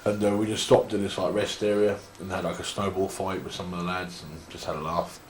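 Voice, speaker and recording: English guy, really low voice, rambling interview stories, echoey room. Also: flat delivery, fairly quick, a little hiss or hum. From England. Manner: rambling anecdotes full of restarts and laughter. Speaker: interview guest, wrestler. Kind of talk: casual storytelling.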